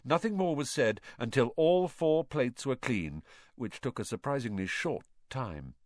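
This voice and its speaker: Expressive male storyteller. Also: mid-range voice, measured pace, no room sound, clean studio sound. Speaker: narrator. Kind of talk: reading a novel aloud.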